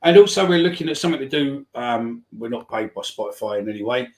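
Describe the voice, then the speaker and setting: A man's voice: mid-range voice, expressive, fast, a little mellow. A man hosting a football fan podcast, talking in a loose rambling way. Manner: rambling, lots of ums and restarts. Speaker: podcast host. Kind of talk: casual chat.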